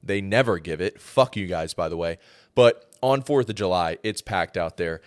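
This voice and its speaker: A young man from Georgia co-hosting a podcast, telling animated, profane stories in casual chat and acting out what people said. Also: low voice, moderate pace, no echo, clean studio sound. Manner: animated, profane, acts out quoted voices. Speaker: podcast co-host.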